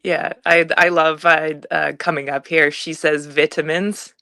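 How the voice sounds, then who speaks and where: A woman's voice: low-pitched, flat delivery, measured pace, creaky, pushed and bright, no echo, clean studio sound. A woman co-hosting a casual chat about making a comedy sketch, upbeat and agreeable. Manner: upbeat, agreeable, laughs often. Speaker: co-host and producer. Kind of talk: casual behind-the-scenes chat.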